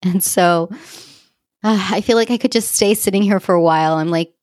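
A woman's voice: medium pitch, normal speed, darkish tone, dry recording, studio quality. A woman coach speaking in a reflective solo podcast monologue, heartfelt and effusive, laughing often and using many fillers.

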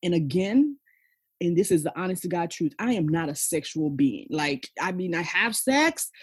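A woman's voice: on the low side, animated, normal speed, husky, no echo. A woman in her forties, a podcast guest, telling her personal story frankly and emphatically, often tagging lines with "okay?" and "you know". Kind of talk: candid personal storytelling in conversation.

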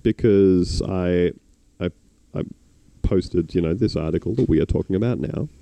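Low, dark-voiced Australian man chatting. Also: moderate pace, creaky, dry recording. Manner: sardonic, rambling with many restarts. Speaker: podcast host. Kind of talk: casual chat.

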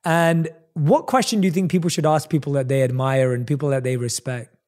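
A man's voice: fairly high pitch, steady tone, fairly quick, a little mellow. A man hosting an interview, affirming his guest's answers and asking reflective questions. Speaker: podcast host. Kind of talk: conversational interview.

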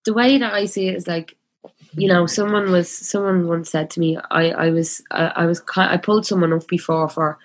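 A woman in her twenties with a Dublin accent, chatting casually. Her voice sits a little low, and she talks with passion, packing her speech with fillers. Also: steady tone, moderate pace. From Ireland. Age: 20s. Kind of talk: casual chat.

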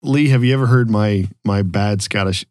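A man's voice: fairly low pitch, moderate pace, a little mellow, no room sound, studio quality. A man hosting a casual podcast over drinks, laughing often and teasing his guests. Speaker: podcast host.

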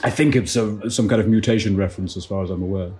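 A man's voice: fairly low pitch, quick pace, a little mellow, close to an everyday voice. A man playing a pompous, self-satisfied tour guide in a comedy audio sketch, talking in a mock-learned way.

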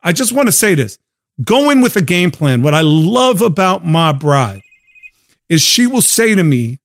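A hoarse man hosting a casual livestream chat, telling stories in an animated, slangy way. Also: on the high side, a little slow. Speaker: show host.

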